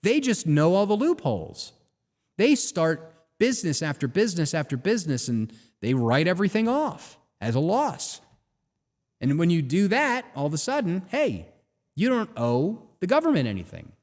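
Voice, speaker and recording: A man hosting a live talk show, delivering an animated, ranting monologue full of rhetorical questions. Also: sits high, normal speed, big-room sound. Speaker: host.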